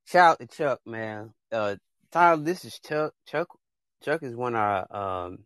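A man's voice: mid-range voice, animated, a little slow, a bit bright, dry recording. Fired-up young man giving advice. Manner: passionate, rambling, talks straight to viewers. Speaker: podcast host. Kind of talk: casual chat, preachy advice.

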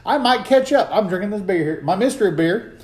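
A man's voice: sits high, animated, fairly quick. A man co-hosting a casual trivia drinking game, joking, swearing freely and laughing often. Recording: roomy room with faint noise.

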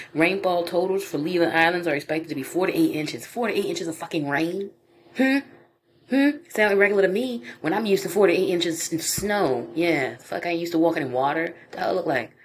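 A woman's voice: low voice, a little hiss or hum. A woman hosting a podcast, reading the news aloud and reacting in a profane, incredulous, mock-paranoid comedic rant. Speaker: podcast host.

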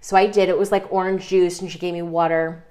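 A woman co-hosting a podcast, telling a story with lively, comic energy. She swears without a second thought and laughs through her words. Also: lowish voice, fast talker. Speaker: podcast co-host.

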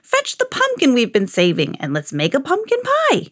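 A woman voicing a grumpy eight-hundred-year-old magical old man in a storybook, croaking and drawn out. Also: medium pitch, very animated, unhurried, no echo, clean studio sound.

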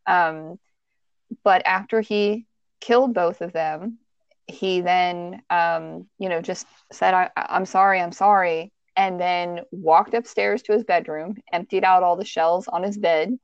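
A woman's voice: on the low side, steady tone, takes it slowly, clean tone, no room sound, muffled recording. A woman hosting a podcast, telling a true-crime story in a casual, conversational way with frequent restarts and fillers. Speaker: podcast host.

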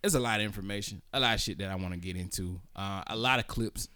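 A man's voice: fairly low pitch, quick pace, sharp tone, clear, resonant tone, dry recording. A man hosting a podcast, joking crudely and laid-back in casual banter on a close mic. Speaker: podcast host.

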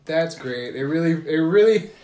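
A young man on a podcast, swearing freely and acting out the people in his story as he tells it. His voice sits a touch high for a man. The recording has a noticeable room echo. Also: normal speed. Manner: profane, animated storytelling with mimicked quotes. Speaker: podcast co-host. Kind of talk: casual podcast chat. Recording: echoey room.

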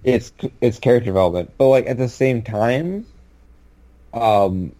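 Laid-back man, mellow voice. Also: medium pitch, measured pace. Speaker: podcast co-host. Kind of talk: casual chat.

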